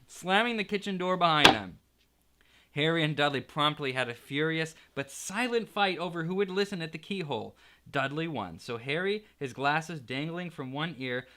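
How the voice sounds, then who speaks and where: A man reads a children's storybook aloud with playful expression. His voice is bright and swings widely in pitch as he tells the story. It has the feel of a teacher reading to a class.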